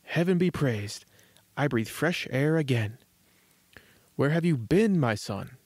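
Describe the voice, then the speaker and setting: A man voicing a plucky boy the size of a thumb, speaking high and urgently in a storybook reading. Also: lively intonation, slow, a little mellow, breathy edge, no echo, full character voice. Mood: sly, cheeky.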